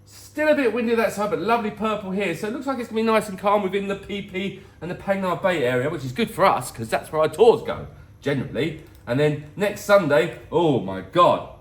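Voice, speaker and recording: Chatty middle-aged guy doing a weather vlog, kinda high voice, jokes around a lot. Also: animated, a little fast. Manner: jokey, rambling, teasing. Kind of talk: casual chatty weather update.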